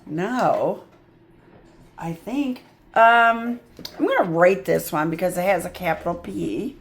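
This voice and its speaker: A woman's voice: on the low side, slow pace. A woman tutoring phonics, patiently sounding out letters and words, with chatty asides of "yep" and "mm-hmm". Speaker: reading tutor. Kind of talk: phonics lesson.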